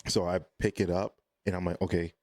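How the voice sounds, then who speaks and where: A man guest on a podcast, chatting casually and telling animated stories that often quote his own reactions. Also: sits low, a little fast. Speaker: podcast guest, content creator. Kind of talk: casual chat.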